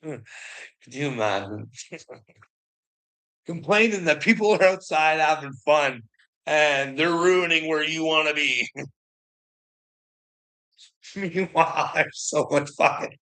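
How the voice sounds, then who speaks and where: A man's voice: a little high, slow, long pauses, sharp tone. A Canadian man in a rambling casual monologue, swearing a lot and laughing often between sentences.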